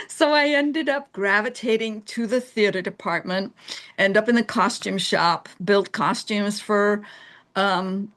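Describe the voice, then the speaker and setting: A middle-aged woman from England talks as an interview guest in a mid-range voice. She tells lively stories, laughs often, and slips into other people's voices as she goes. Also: mid-range voice, slow. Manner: animated storyteller, laughs often, acts out voices. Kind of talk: casual interview storytelling.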